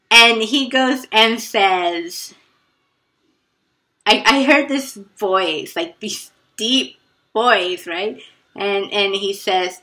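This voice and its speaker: Slow-talking woman telling a personal story. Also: medium pitch, pushed and bright. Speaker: vlogger.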